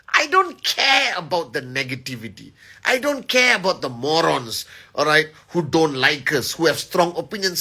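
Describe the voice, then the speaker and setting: A man's voice: high voice, big pitch swings, normal speed, bright, forceful tone, husky. A middle-aged man giving a motivational live address as a company leader, emphatic and rallying, often checking in with "all right?".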